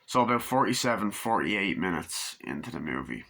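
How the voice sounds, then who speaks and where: A man giving a casual, rambling movie review, swearing freely and acting out scenes in high put-on voices, recorded on a camera mic. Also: big pitch swings, normal speed, vocal fry, pushed and bright.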